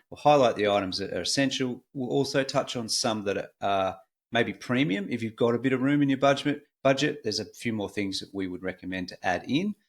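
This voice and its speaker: A middle-aged Australian man hosting a podcast in a relaxed, chatty way with frequent fillers. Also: lowish voice. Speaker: podcast host. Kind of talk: casual conversational podcast.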